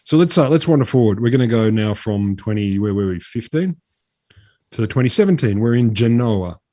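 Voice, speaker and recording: An Australian man co-hosts a casual science chat, telling a rambling story full of hesitant fillers and restarts. His voice sits on the low side, warm in tone, and he talks in a brisk, animated way. The recording is dry, with clean studio sound.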